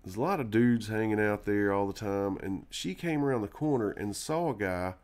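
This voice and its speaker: A man's voice: lowish voice, moderate pace, darkish tone. A man telling a long personal story in a loose, rambling way on a live stream, full of fillers and restarts. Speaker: live stream co-host or guest.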